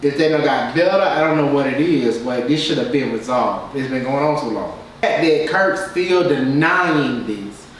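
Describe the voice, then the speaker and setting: This reality TV reviewer speaks at a moderate pace with a medium-pitched voice and few pauses, casually sharing his views. His delivery is loose and repetitive, stuffed with filler like his recurring "you know what I'm saying." He sounds far from the mic in a very echoey room, with faint background noise.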